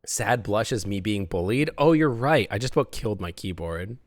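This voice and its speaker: A man's voice: on the low side, expressive, normal speed, dry recording, clean studio sound. A man commentating a game on a live stream, playful and joking. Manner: playful, joking, laughs often.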